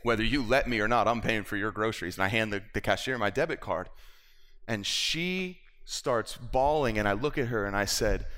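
Guy preaching in church, kinda low voice, tells a story and does the voices. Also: moderate pace. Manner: animated storytelling, acts out quotes with laughs. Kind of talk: sermon storytelling.

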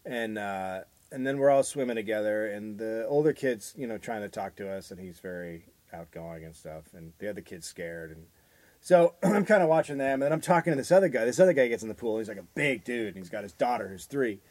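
A man with a mid-pitched voice tells a rambling comic story, acting out the other people in it in raised voices. His intonation swings widely, and the recording is dry and close. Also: animated, fairly quick, darkish tone, dry recording. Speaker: podcast host. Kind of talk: comedic storytelling.

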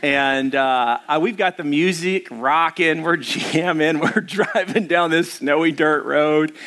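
A man's voice: on the high side, slow, fairly bright tone. A man who is a pastor, telling stories in a casual, rambling sermon with many fillers. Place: church.

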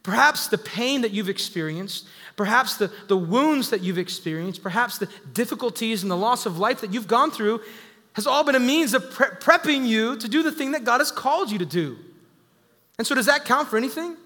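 A man with a high, bright voice preaches to his congregation, calling out to them with lively energy. His voice rings through a church hall with a long echo. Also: moderate pace. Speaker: pastor. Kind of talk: sermon. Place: church sanctuary. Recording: echoey hall.

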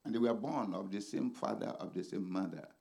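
A man preaching a sermon as a pastor, swinging dramatically between shouted lines and hushed ones. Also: lowish voice, fairly quick, vocal fry.

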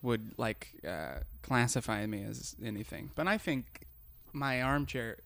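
A man's voice: mid-range voice, expressive, a little slow, creaky, fairly bright tone, dry recording. A man chatting casually on a podcast in a wry, self-deprecating way. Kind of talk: casual chat.

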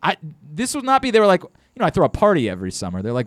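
A man hosting a radio talk show, chatting and joking in a lively, laughing way. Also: fairly high pitch, fast talker, no room sound, studio quality. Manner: animated, laughing storyteller. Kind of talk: casual radio banter.

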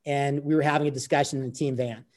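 Speaking quickly in a medium-pitched, level, somewhat dark voice, a man appears as an interview guest telling a personal story. He's earnest and repeats phrases as the conversational tale unfolds.

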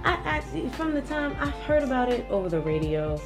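A woman's voice: high voice, very animated, normal speed, music in the background. A young adult woman co-hosting a podcast in casual chat, brash and profane, laughing often and mocking people in silly voices. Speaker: podcast co-host.

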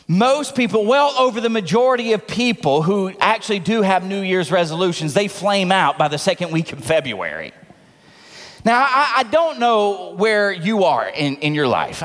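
A middle-aged man preaches with a high, lively voice, joking and calling out to his listeners. He sounds animated and playful. The sound rings with the long reverb of a large hall. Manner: humorous, animated preaching with laughs and call-and-response. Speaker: pastor. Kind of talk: sermon.

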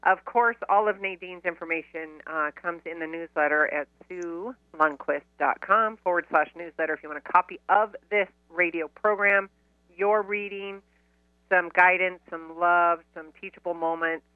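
A woman's voice: on the low side, moderate pace, dry recording, phone-quality sound. A woman hosting a radio show, talking casually with an effusive, affectionate, upbeat manner.

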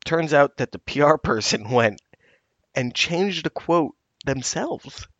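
A man's voice: on the high side, takes it slowly, dry recording, lo-fi sound. A man co-hosting a podcast as a reporter, telling stories animatedly and acting out quotes. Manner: animated storyteller, acts out quotes. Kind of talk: casual podcast chat.

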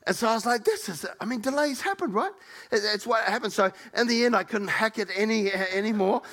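A middle-aged male pastor telling a story in a sermon, animated and acting out the people he quotes. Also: fairly quick. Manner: animated, acts out quoted people with raised pitch.

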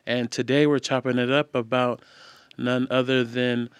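A tired man co-hosting a podcast, talking in a relaxed, slangy, casual way. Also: medium pitch, normal speed, smooth, dry recording. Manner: relaxed, slangy, laid-back. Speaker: podcast co-host. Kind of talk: casual chat.

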